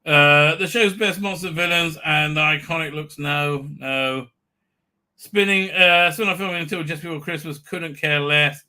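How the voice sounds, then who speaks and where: A livestream host's fairly high, sharp voice runs at normal speed as he jeers and swears through sarcastic commentary. His manner is crude and mocking, with bursts of taunting voices.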